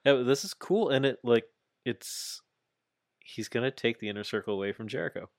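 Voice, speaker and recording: A man co-hosting a podcast, chatting casually about wrestling and retelling scenes with animated acted-out quotes. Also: mid-range voice, moderate pace, dry recording. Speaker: podcast co-host.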